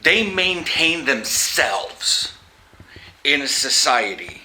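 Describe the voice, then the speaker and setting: A man from the US Pacific Northwest giving opinionated vlog commentary, halting and restarting his sentences, with wry asides. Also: a little high, big pitch swings, sharp tone, a little hiss or hum, low-quality recording. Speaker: vlogger.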